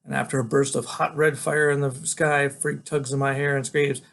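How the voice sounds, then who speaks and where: A man, a teacher, reading a novel aloud in a relaxed, conversational storytelling way. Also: mid-range voice, normal speed, vocal fry, hardly any pauses.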